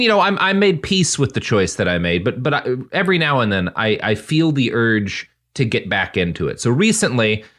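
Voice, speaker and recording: A man hosting a comedic podcast, joking in a mock-earnest, deadpan way, with many restarts. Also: fairly low pitch. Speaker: podcast host.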